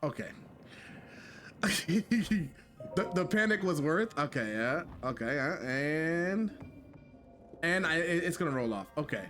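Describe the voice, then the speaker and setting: A man streaming a game live, talking to his chat in a jokey, excitable way and repeating himself when flustered. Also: a little high, slow pace, pauses often, soft background music. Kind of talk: live gameplay commentary.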